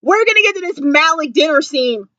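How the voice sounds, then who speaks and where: A woman's voice: sits high, lively intonation, brisk, sharp tone, no room sound, muffled recording. A young woman vlogging a fan review of a TV episode, gushing and dramatic, full of "like" and fillers. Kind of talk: excited fan review chat. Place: indoors at home.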